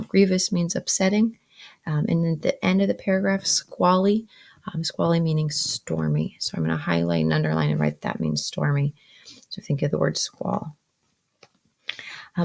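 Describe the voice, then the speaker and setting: A woman's voice: lowish voice, vocal fry, a little mellow. A woman teacher reading a novel aloud and stopping to explain vocabulary, with frequent ums.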